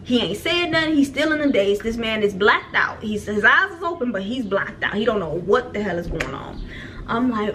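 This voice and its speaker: Young woman doing a storytime vlog, slangy and casual, fairly high voice, faint noise behind her. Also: normal speed. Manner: animated, acts out her own frantic shouts when quoting herself. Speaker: vlogger.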